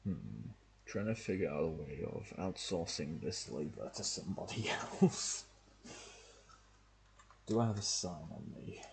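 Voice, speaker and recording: Deep gravelly man streaming a game. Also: very animated, unhurried, pauses often, a little mellow. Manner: muttering thoughts to himself while playing. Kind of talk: casual gameplay commentary.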